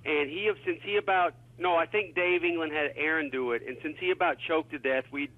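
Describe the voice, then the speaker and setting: A man calling in as a guest, answering questions in a relaxed, rambling way with lots of fillers. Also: a little high, brisk. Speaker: guest on phone. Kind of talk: phone interview. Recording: tinny phone line.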